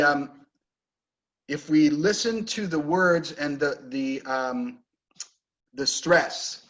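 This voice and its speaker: A man's voice: a little high, fairly bright tone, low-quality recording. A man teaching an English class, patiently explaining word stress and pronunciation.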